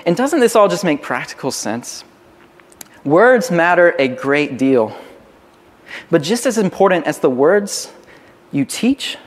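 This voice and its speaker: A man preaching a sermon as a pastor, conversational and full of restarts. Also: a little high. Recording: long hall reverb.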